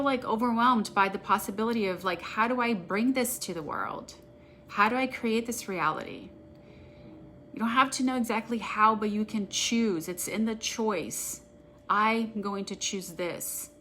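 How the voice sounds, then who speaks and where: A woman practitioner guiding an EFT tapping session, speaking in an earnest, gentle, affirming way. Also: medium pitch, measured pace, a little hiss or hum.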